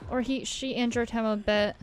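A woman's voice: a little high, fairly even intonation, normal speed. A woman gamer reacting to a video game, emotional and swearing, crying as she plays. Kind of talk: let's play reaction.

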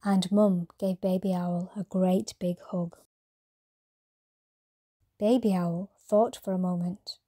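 Slow, mellow woman reading a bedtime story. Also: medium pitch. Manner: calm, gentle reading.

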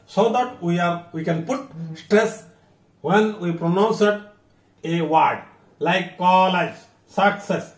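An English teacher, a man with a high voice and an Odia accent, gives a classroom lesson slowly and deliberately, spacing out his words and repeating each example twice. He sounds distant from the mic in an echoing room.

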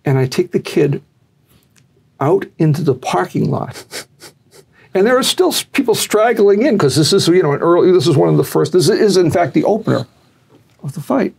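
An older man telling a long story in a sit-down interview, animated and acting out what people said. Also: high voice, normal speed, creaky, pauses often, husky. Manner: animated storyteller, acts out quotes, laughs. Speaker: interview guest, former boxing fixer.

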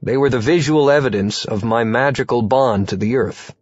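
A male narrator tells a first-person audiobook with a wry, conversational touch. His pitch is middling, and the booth sound is completely dry. The audio is a little dull. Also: moderate pace, dry recording.

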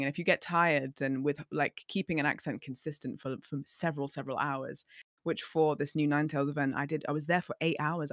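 A woman voice actor, a podcast guest, telling work stories in casual chat with animated, laughing energy. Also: sits low, no room sound, clean studio sound.

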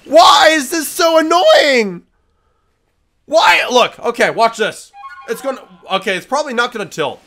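A young man hosting a gaming video, commenting as he plays and often sliding from muttered complaints into yelled outbursts of frustration. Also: extremely high pitch, expressive, a little slow, creaky, soft background music. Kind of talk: let's play commentary.

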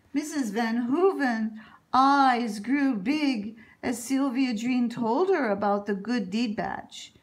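A woman reads a children's picture book aloud, telling the story in an expressive, animated way. Her voice sits on the high side and she takes a slow pace.

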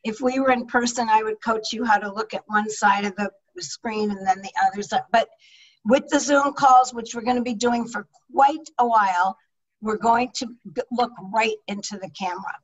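A middle-aged woman who coaches public speaking teaches an online leadership talk over a video call microphone, delivering it with energy and emphasis. Her voice is fairly high and her pace moderate, but she's far from the mic and the recording is muffled.

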